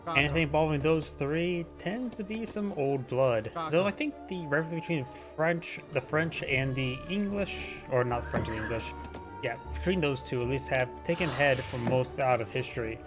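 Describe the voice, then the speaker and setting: A man's voice: fairly high pitch, lively intonation, moderate pace, over music. A man casually commentating a strategy game replay, rambling and stumbling over unit names. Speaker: game caster.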